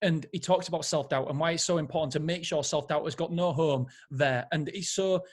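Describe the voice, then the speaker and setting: A man's voice: fairly high pitch, fairly quick. Enthusiastic man reviewing a book. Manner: enthusiastic, rambling, frequent self-corrections. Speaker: podcast host.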